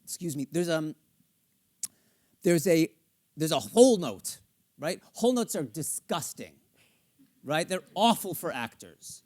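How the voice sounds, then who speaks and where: A man's voice: a little high, expressive, measured pace, long pauses, a little mellow. A middle-aged man coaching a singer in a live masterclass on a theater stage. He acts out lyrics and a character's inner thoughts, playful and sometimes swearing. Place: theater stage with studio audience.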